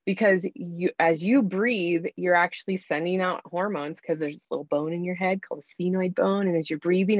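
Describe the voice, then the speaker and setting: A woman's voice: medium pitch, no echo, dull audio. A woman giving earnest, coaching advice in a conversational talk, often acting out what to say to yourself.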